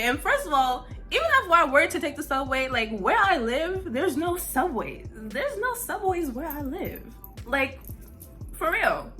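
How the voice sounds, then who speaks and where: A woman's voice: sits high, measured pace, soft background music. A young woman telling a story in a casual, blunt way, full of "like" and swearing. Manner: animated, heavy use of "like", blunt and profane. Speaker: vlogger.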